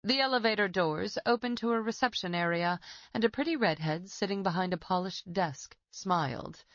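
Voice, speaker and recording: A woman narrating a suspense audiobook in a steady, even reading. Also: mid-range voice, normal speed, no room sound, dull audio. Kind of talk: scripted narration.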